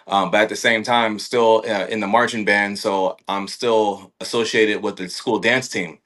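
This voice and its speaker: Male podcast guest from California, dancer, relaxed storyteller with a low, bright voice. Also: unhurried. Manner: laid-back storyteller with dry humor. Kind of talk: casual chat.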